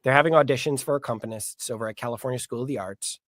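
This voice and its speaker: A man's voice: medium pitch, racing, dry recording, clean studio sound. A man who is a pianist and actor, telling his story in a casual interview and acting out the dialogue he quotes. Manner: animated, acts out quoted dialogue.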